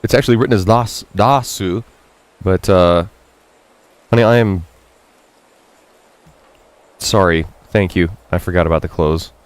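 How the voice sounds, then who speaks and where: A man talking through a game on a live stream, his voice sitting on the low side and recorded dry and close. He reads characters' lines in a lifted voice, then drops low for self-mocking asides to his viewers. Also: a little slow, pauses often, dry recording. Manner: reads Japanese lines then translates them loosely; self-mocking, chatty with chat. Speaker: streamer translating a Japanese game. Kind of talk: casual live-stream commentary.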